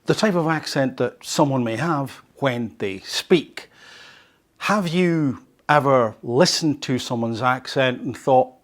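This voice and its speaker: A man's voice: medium pitch, slow. A male podcast host who reads an article and comments on it, conversational and fond of rhetorical questions. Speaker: host of a language learning podcast.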